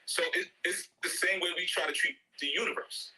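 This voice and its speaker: A man's voice: fast, few pauses, bright, forceful tone, poor audio. A middle-aged man giving a casual motivational talk, slangy and joking, laughing often and repeating "you know what I'm saying.". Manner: slangy, joking, mocks with high-pitched quoted voices. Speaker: ministry speaker. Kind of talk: casual motivational talk in an audio chat room.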